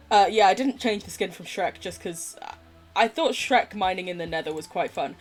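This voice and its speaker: A woman from England with a posh English accent, chatting casually while playing a game on stream, giggly and sweary. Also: mid-range voice. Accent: posh southern English. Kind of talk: casual live-stream chat while gaming.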